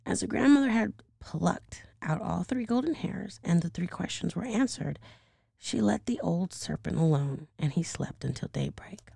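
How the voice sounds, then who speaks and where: Hoarse woman reading a bedtime story. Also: on the low side, animated, moderate pace, dark tone, no room sound, clean studio sound.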